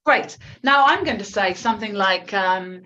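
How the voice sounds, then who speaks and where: A woman's voice: mid-range voice, animated, moderate pace, sharp tone, dull audio. A woman with an English accent, teaching a live online English lesson in a chatty, encouraging way, with frequent ums and self-corrections. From England.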